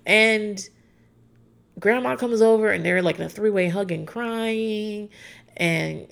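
A woman's voice: mid-range voice, a little slow, gravelly. A woman in her thirties, casually and opinionatedly recapping a reality show as a podcast host, rambling with plenty of fillers. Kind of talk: casual chat.

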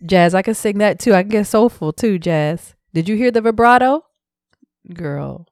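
A woman co-hosts a podcast in casual chat, animated, musing and jokey. Her pitch sits in the middle. The sound is dry and close. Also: moderate pace, dry recording. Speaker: podcast co-host.

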